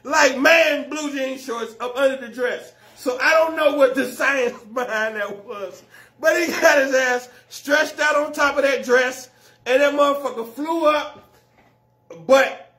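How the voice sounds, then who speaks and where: A man doing stand-up comedy, telling a story loudly and with lots of slang and swearing, often laughing at his own jokes. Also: very high voice. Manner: profane and slangy.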